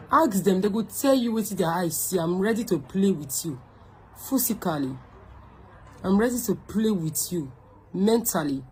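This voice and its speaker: A woman's voice: mid-range voice, expressive, normal speed, mellow, slight background noise, poor audio. A woman with a Nigerian accent, hosting her own online show, delivering a scolding, confrontational rant straight to the camera, mixing pidgin into her English and repeating phrases for emphasis.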